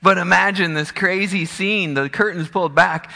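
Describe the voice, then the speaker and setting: A man preaching a sermon as pastor, an animated storyteller who acts out scenes. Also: sits high, fairly quick, vocal fry. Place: church sanctuary. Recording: long church hall reverb.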